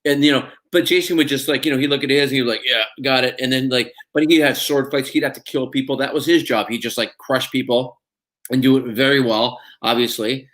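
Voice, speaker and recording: A man at a mid pitch chats loosely about his acting work as an interview guest. He rambles with plenty of ums and restarts, and he laughs often between thoughts. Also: steady tone, brisk, fairly bright tone. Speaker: actor guest. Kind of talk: casual interview chat.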